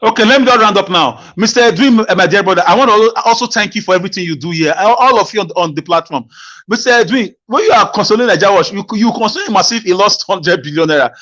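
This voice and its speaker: A man calls in to a live discussion, his voice sitting high for a man. He talks with passion and stumbles over his opening words. The call audio is dull and lo-fi. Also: animated, quick pace, sharp tone. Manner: passionate, repeats words when starting phrases. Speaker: caller.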